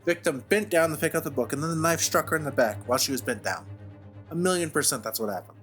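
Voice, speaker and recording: A chatty man doing excitable commentary over a video game. His voice sits a little high and sounds bright and forceful. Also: quick pace, soft background music. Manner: excitable, chatty, says dude. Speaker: let's play host.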